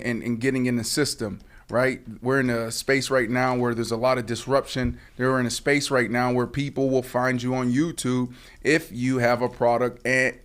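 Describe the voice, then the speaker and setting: A man in his thirties co-hosting a sports talk show, making his point with emphasis and frequent pauses. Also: mid-range voice. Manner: emphatic, many filler pauses. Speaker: podcast co-host.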